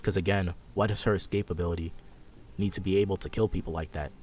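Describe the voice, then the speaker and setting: Low-voiced laid-back young man. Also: steady tone, fast talker, darkish tone, a little hiss or hum. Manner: laid-back, rambling, sarcastic. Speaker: podcast host. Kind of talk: casual gaming chat.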